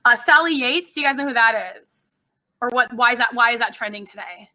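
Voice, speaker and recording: A female instructor lectures her class in a loose, chatty, conversational way, pausing often for ums and uhs. Her very bright, slightly high voice moves fairly quickly. A distant mic across the classroom captures it, and the audio is poor.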